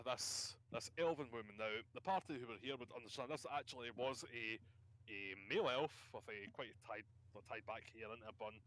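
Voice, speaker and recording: A man's voice: mid-range voice, a bit bright. Rambling man running a tabletop game. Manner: rambling, full of restarts and fillers. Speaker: game master.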